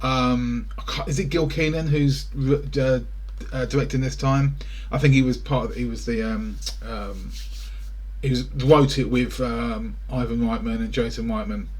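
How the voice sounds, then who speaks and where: A man's voice: mid-range voice, fairly even intonation, normal speed. A British man rambling through a casual reaction to film trailers, full of wry asides, recorded indoors in front of a greenscreen.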